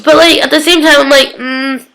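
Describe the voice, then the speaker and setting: A young woman with a slightly high voice talks straight to her viewers in a casual vlog recap. She rambles eagerly, dropping fillers as she retells the story. Her delivery stays loose and conversational throughout. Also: steady tone, moderate pace, gravelly, pushed and bright, a little hiss or hum. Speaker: TV episode reviewer.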